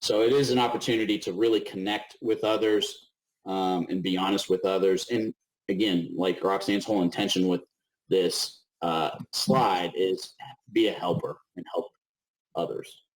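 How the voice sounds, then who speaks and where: A middle-aged man co-hosting a webinar over a video call, talking in an animated way, acting out little voices and often asking "right?". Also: low voice, moderate pace, rough recording. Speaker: webinar co-host. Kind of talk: casual webinar talk.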